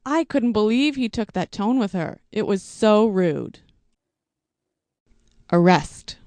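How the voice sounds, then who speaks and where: Woman, English teacher, vocabulary reading, very slow, deliberate, dry close sound. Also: mid-range voice, expressive, darkish tone, no room sound. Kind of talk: reading vocabulary words and example sentences.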